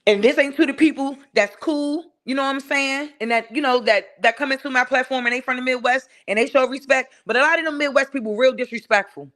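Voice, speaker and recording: A fiery woman with a D.C. tears into someone on her live stream. Her voice sits a bit high and flies higher when she yells. The talk is profane and cutting, with sudden shouts. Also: fairly quick, hardly any pauses. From Washington, D.C. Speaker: channel host ranting on a live stream. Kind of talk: heated live-stream rant.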